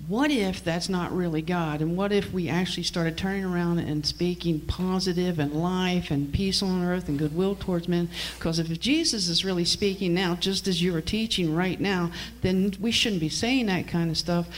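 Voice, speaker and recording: A woman with a low voice for a woman, speaking earnestly and posing questions in a sermon setting. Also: fairly even intonation, normal speed, few pauses, low-quality recording.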